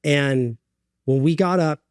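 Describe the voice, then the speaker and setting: Earnest man telling his story haltingly. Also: on the high side, a little mellow, clear, resonant tone, no echo, clean studio sound. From United States. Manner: earnest, halting, many fillers and restarts. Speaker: guest. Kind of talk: candid interview storytelling.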